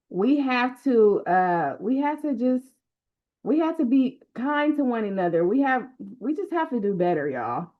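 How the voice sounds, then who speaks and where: A woman, a motivational coach hosting a live book launch, talking to viewers with emotional, repeated calls to action. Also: fairly high pitch. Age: 30s. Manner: emotional, repetitive exhortations to the audience. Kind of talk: live-stream talk to viewers. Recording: lo-fi stream audio.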